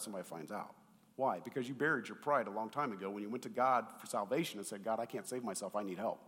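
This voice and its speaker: A man preaching a sermon as pastor, animated and conversational, swinging between loud emphasis and quiet asides and asking the congregation questions. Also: medium pitch. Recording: long hall reverb.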